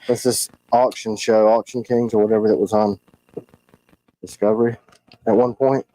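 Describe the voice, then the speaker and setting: A man who makes knives, hosting a casual livestream and talking in a frustrated, animated way with quick asides. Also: lowish voice, no echo, low-quality recording. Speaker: knife maker hosting a livestream.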